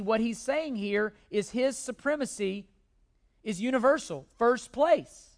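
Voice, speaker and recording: Male pastor, emphatic sermon delivery, repeats key words for weight. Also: very high-pitched. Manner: emphatic preaching with repeated phrases and restarts.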